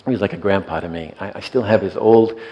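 A man who works in hospice care, telling a story gently and softly, often checking in with his listener. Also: deep voice, fast, highs cut off. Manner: soft-spoken, often checks in with "yeah?". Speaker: hospice worker and meditation teacher.

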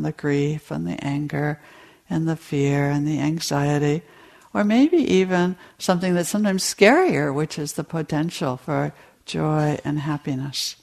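A woman meditation teacher giving a dharma talk to retreat participants, in a slow, storytelling delivery. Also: sits low, creaky, darkish tone.

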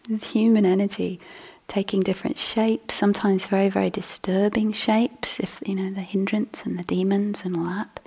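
A woman meditation teacher giving a dharma talk in a soft, breathy voice that often drops to a whisper. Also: mid-range voice, flat delivery, moderate pace. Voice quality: husky, gravelly. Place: meditation hall.

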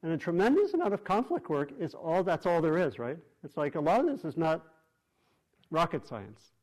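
In a meditation hall, a man with a fairly high, sing-song voice and darkish tone delivers a dharma talk to a group. His teaching is unhurried and reflective, full of pauses and restarts.

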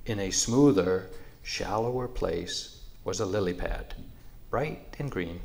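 Slow, low-voiced male storyteller. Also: lively intonation, creaky, darkish tone. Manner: measured, unhurried.

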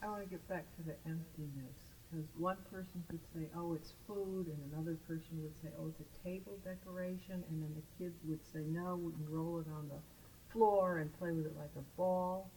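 Quick-talking woman participant, lowish voice. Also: a little hiss or hum, poor audio. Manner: quick, explanatory, lively examples. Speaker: class participant.

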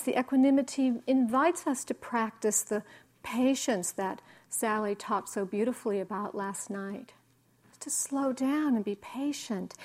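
A woman meditation teacher giving a slow, reflective dharma talk with soft pauses. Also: on the high side. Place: meditation hall.

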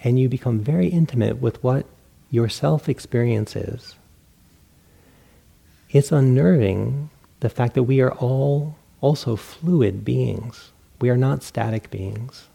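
A middle-aged man teaching meditation in a relaxed dharma talk, poking fun at himself and acting out his own inner voices. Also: medium pitch, slow pace, creaky, slightly rough. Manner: relaxed, self-mocking, acts out inner voices.

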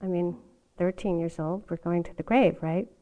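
A woman's voice: fairly low pitch, fairly even intonation, moderate pace, mellow, poor audio. An older woman giving a meditation talk at a retreat, telling a personal story in a candid way and laughing often. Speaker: meditation teacher.

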